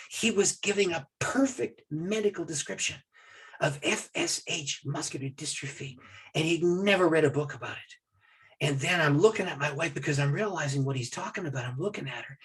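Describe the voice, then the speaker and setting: Husky and on the high side, this man speaks at a normal speed. He is a pastor sharing a long personal story in a podcast interview, lively as he acts out the words of the others involved.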